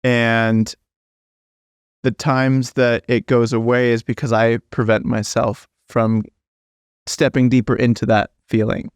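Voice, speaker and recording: A man hosting a podcast, asking reflective, thoughtful questions in a measured way. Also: medium pitch, flat delivery, clean tone, no echo, clean studio sound. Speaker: podcast host. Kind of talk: interview questions.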